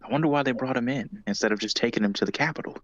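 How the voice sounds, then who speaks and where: A man playing a tabletop game, describing his character's actions and correcting himself quickly. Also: mid-range voice, a bit bright, highs cut off. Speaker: player.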